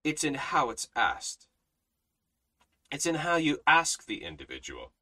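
A man leads a Bible study in the manner of a sermon. His voice is bright and forceful and sits a little high, and he hammers points home by repeating phrases and restarting his sentences. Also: wildly swooping pitch, a little slow, low-quality recording. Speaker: Bible teacher.

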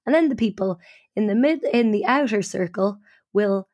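A woman's voice: medium pitch, moderate pace, a little mellow, dry recording, studio quality, natural voice. A woman recounting an eager male workshop presenter. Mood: explaining.

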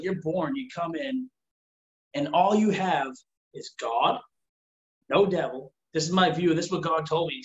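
Man, casual chat, rambling, earnest, slightly high voice, dull lo-fi sound. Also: reverberant, a little hiss or hum. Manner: rambling, earnest, fillers of "like", acts out quoted dialogue.

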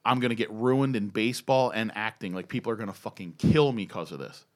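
A man doing a distraught movie star, frantic, swearing, deep, hushed. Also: brisk, lightly acted. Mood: panicked.

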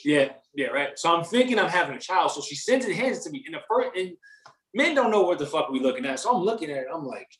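A young man telling a story in casual chat, animated and slangy, swearing freely. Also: on the high side, quick pace, echoey room.

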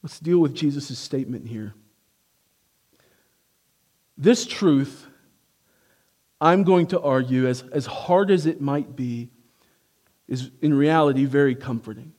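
A man preaching a sermon, emphatic and swinging from hushed to forceful, who asks his congregation rhetorical questions. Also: medium pitch, takes it slowly, long pauses.

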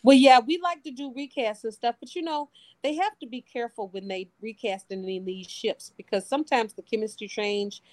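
A woman's voice: a little high, normal speed, no echo. A woman in a casual chat who speaks emphatically and sounds indignant, often asking questions.

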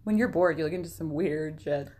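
A woman's voice: deep voice, a little fast, a little mellow, slight background noise. A young woman co-hosting a podcast, chatting casually and laughing often. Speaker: podcast co-host. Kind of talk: casual chat.

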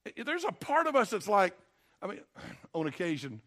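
A man's voice: high voice, huge pitch swings, normal speed, a bit bright. An older man preaching a sermon as pastor, with a folksy, emphatic delivery that keeps calling on the congregation to respond. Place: church sanctuary.

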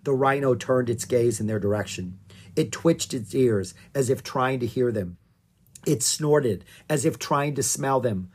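Slow, breathy storybook reader. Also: mid-range voice, a little mellow. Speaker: audiobook reader. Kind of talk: children's book narration.

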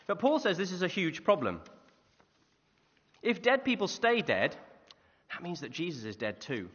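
A man's voice: high voice, moderate pace, husky. A man preaching a sermon in a church, telling stories and asking the listeners questions. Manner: lively storytelling with rhetorical questions. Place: church hall. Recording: muffled reverberant hall recording.

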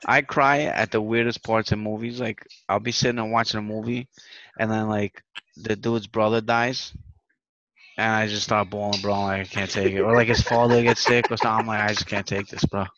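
A man's voice: fairly low pitch, little pitch movement, brisk, a bit bright, no room sound, lo-fi sound. A man co-hosting a podcast, chatting animatedly, repeating words and swearing often. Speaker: podcast co-host. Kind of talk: casual chat.

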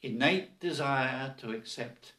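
An older man, a podcast guest, who speaks in a measured, emphatic way and often opens with "look". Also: medium pitch, sharp tone. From Australia. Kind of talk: casual conversational interview. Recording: echoey room.

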